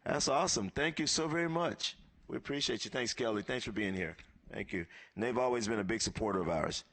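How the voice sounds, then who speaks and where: A man's voice: mid-range voice, brisk, a bit bright. A man emceeing a live event, thanking sponsors and calling guests up one by one in an upbeat way.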